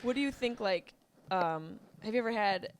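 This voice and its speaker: A woman hosting a podcast, chatting casually with a guest and reacting quickly, often laughing along. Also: mid-range voice, dry recording. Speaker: podcast host.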